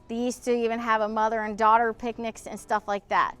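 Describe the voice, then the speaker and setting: A woman's voice: on the high side, level tone, fairly quick, clear, resonant tone. Indignant woman ranting outdoors. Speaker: vlog host. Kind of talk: casual vlog, talking to camera. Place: outdoors beside an old pool.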